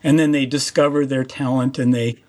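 A man hosting an interview, thoughtful and halting, often restarting his questions. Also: medium pitch, flat delivery, a little mellow. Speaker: host.

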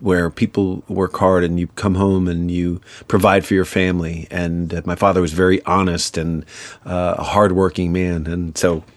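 A man's voice: low-pitched, level tone, normal speed, dry recording. A man, an actor and comedian from New York, talking earnestly and reflectively as an interview guest. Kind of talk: interview conversation.

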